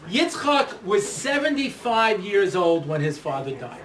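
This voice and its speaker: Rabbi lecturer, high lively voice, humorous anecdotes; distant mic in a reverberant hall. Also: male voice, unhurried. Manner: animated storyteller, many "you know"s, acts out quotes. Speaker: rabbi, speaker. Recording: roomy hall recording from a distance.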